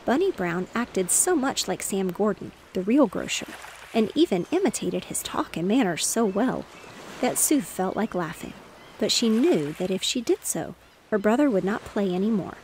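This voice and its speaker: A woman narrating a bedtime story in a gentle, steady reading voice. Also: medium pitch, moderate pace, a little hiss or hum. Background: faint waves.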